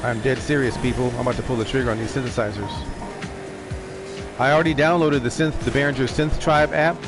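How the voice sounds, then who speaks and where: A man streaming live, rambling in casual chat, excitable and profane. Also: mid-range voice, brisk. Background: music playing.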